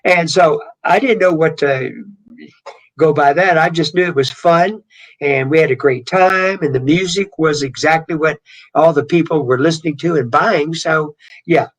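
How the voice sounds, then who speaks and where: An older man from Louisiana with a Southern drawl, telling rambling, animated stories as an interview guest. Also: on the high side, moderate pace, poor audio. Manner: rambling, animated storyteller with many restarts. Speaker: guest singer. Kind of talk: storytelling interview.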